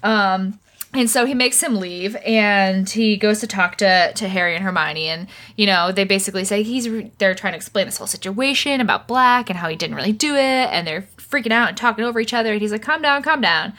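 A woman co-hosting a podcast casually and irreverently recaps a book chapter, acting out the characters' lines in quick voices. Her voice is mid-range and a bit bright.

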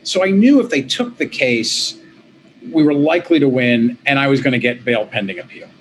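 A middle-aged man appears as an interview guest, telling his story in a lively, conversational way with quick restarts and quoted voices of himself and others. His voice is medium-pitched, and the poor audio carries slight background noise.

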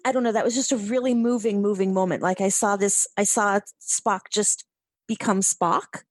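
A woman's voice: medium pitch, steady tone, moderate pace, no echo. A woman co-hosting a casual podcast chat, emotional and gushing, with sighs. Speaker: podcast co-host.

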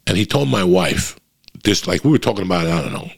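Middle-aged man, very low and husky, casual foul-mouthed monologue. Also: sing-song, fast. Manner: profane, rambling, frequent restarts.

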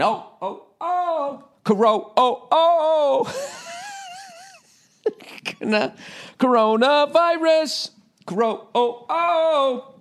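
A male podcast host in a rambling comedic rant, swearing freely and dripping with sarcasm. His voice sits high for a man. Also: smooth.

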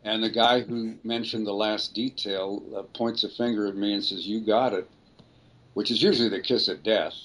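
This older voice actor, a guest in an interview, speaks on the low side with a steady, fairly bright tone at normal speed. The recording is low quality, and his anecdotes ramble as he keeps correcting himself mid-sentence.

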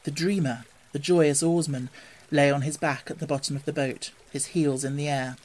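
A storybook narrator with a middle-pitched voice, reading in a calm and measured way. The delivery is even and unhurried, letting the scene unfold softly between the character voices. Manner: calm, measured, softer than the dialogue.

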